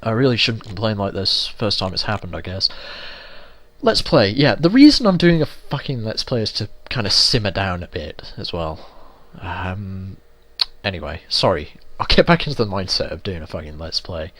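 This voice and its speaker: A man's voice: on the low side, very animated, moderate pace, fairly bright tone. A young man from England giving casual, sweary, ranting commentary while playing a video game. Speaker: let's play gamer.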